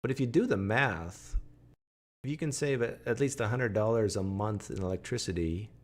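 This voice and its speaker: A man's voice: lowish voice, moderate pace. A man hosting a livestream from home, chatting casually and answering viewers' comments aloud. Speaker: livestream host. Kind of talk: casual live chat with viewers.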